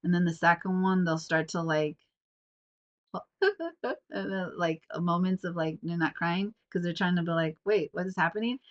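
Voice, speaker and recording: A woman in her thirties sits alone and records her podcast herself. Her voice sits a little low. She rambles through fillers and restarts, and her nose is slightly sniffly. The sound is dull and lo-fi, like a home recording. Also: measured pace, pauses often. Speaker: podcast host. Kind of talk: casual reflective monologue. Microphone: self-recorded on camera.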